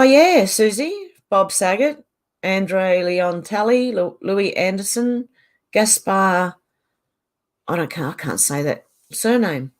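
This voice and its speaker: Chatty woman reading comments. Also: fairly low pitch. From Australia. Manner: chatty, answers comments aloud with quick agreement. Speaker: host reading viewer comments. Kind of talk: casual livestream chat.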